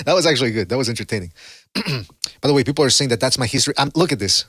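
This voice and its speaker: A man's voice: mid-range voice, expressive, racing, fairly bright tone, husky, no echo. Male podcast host, casual and rambling, dry close sound. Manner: rambling, blunt and profane, with many fillers. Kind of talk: casual call-in show commentary.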